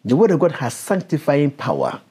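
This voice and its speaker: A man's voice: a little high, huge pitch swings, normal speed, warm tone, husky. A man preaching and teaching a Bible passage, stopping the reader to explain verses and question her.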